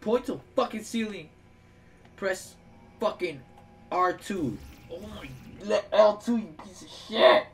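A young man hosting a casual gaming video, swearing and laughing as he tells stories and yells instructions at a friend. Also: high-pitched, takes it slowly. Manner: profane, laughing, swings from storytelling to yelling at his partner.

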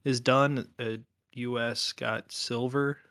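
A man's voice: mid-range voice, steady tone, slow pace, a bit bright, no echo, clean studio sound. A man co-hosting a podcast in casual chat, hesitant and full of "um" and "like". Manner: hesitant, filler-heavy. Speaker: podcast co-host.

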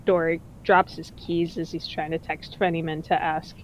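A woman's voice: low voice, flat delivery, moderate pace, a little hiss or hum, poor audio. A woman playing in a tabletop game, describing her character's actions in a chatty way. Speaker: player.

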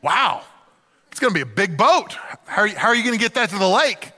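A man's voice: high voice, sing-song, bright, forceful tone, in a large hall, voice pushed up, exaggerated voice. A pastor voicing a nosy neighbor man who fires off questions about a project in the yard. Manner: prying, rapid-fire questions.

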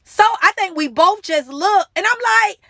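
Emotional high-voiced young woman preaching. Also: moderate pace, sharp tone, no room sound, clean studio sound. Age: young adult. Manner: emotional, earnest, pleading. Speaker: motivational Christian speaker. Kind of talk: casual devotional talk.

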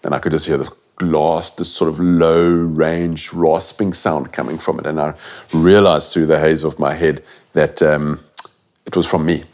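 A man's voice: rumbling low, level tone, unhurried, darkish tone. A middle-aged man telling an interview story in a blunt, earnest way, swearing casually. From South Africa. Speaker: guest. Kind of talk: first-person story in an interview.

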